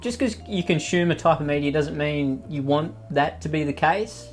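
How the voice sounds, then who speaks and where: A man's voice: on the high side, normal speed, hardly any pauses, soft background music. A man doing sarcastic, mocking comedy commentary, swearing freely as he reacts to posts. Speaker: commentary YouTuber.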